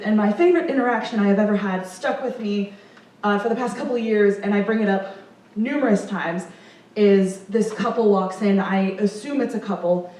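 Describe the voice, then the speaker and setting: A woman's voice: mid-range voice, a little mellow. A young woman telling a comic story on stage, chatty and self-amused, with lots of fillers. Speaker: improv performer. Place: performance room. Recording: very echoey room from far off.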